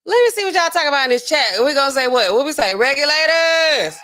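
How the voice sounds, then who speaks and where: A woman pharmacist hosting a casual livestream and talking to her chat in an animated, chatty way full of fillers. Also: high voice, rapid-fire, slight background noise.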